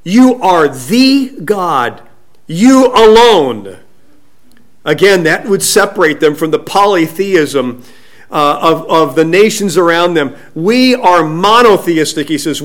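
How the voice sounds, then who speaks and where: A man preaching a sermon, slow and emphatic, dropping at times to a soft hush. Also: fairly high pitch. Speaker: pastor.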